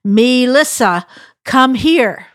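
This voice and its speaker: A woman voicing her very old grandmother, a loving but stern figure who gives firm, emphatic commands in a slow, dry-sounding voice. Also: mid-range voice, expressive, fairly bright tone, no room sound. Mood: firm, affectionate.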